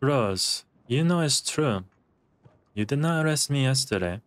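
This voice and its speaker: A man's voice: mid-range voice, lively intonation, unhurried, no echo, lightly acted. A man voicing an indignant male protester in game role-play, speaking in broken English and lecturing insistently. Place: game voice chat.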